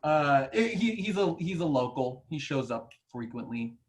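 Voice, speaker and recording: A man's voice: fairly high pitch, very animated, moderate pace. A young man hosting a casual podcast chat, rambling through stories and acting out what he said. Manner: rambling storytelling with laughs and acted-out quotes. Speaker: podcast host.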